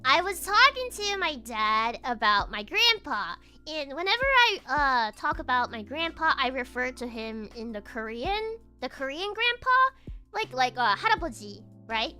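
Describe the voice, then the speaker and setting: A woman's voice: sits high, big pitch swings, normal speed, bright, forceful tone, faint music behind. A young woman streamer telling a casual story while drawing, giggling often and restarting her phrases. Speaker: virtual streamer.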